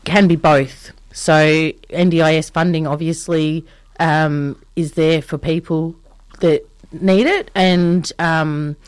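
A woman's voice: low-pitched, fairly even intonation, takes it slowly, smooth, dry recording. A woman answering interview questions in casual chat, explaining courses in a friendly way with lots of ums. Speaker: training provider guest.

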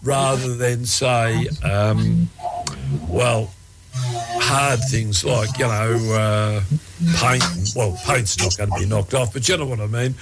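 A man's voice: mid-range voice, steady tone, creaky, over loud music, rough recording. A man with an Australian accent hosting a radio show from a studio, chatting casually and often restarting his sentences. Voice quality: halting, many fillers and restarts. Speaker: radio host.

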